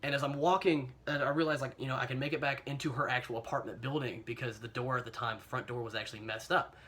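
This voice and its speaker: A man's voice: mid-range voice, fairly even intonation, fast talker, sharp tone. Rambling American man telling a storytime. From United States. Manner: rambling and self-mocking, full of fillers and chuckles. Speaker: vlogger telling a personal story. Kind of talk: casual storytime monologue. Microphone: phone camera.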